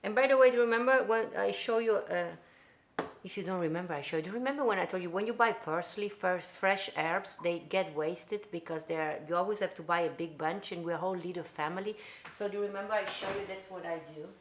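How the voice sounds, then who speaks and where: An Italian woman from Italy hosts a live-streamed cooking show from her home kitchen, chatting in loose, Italian-accented English and greeting viewers by name. Her voice is lowish and a little fast, with slight background noise.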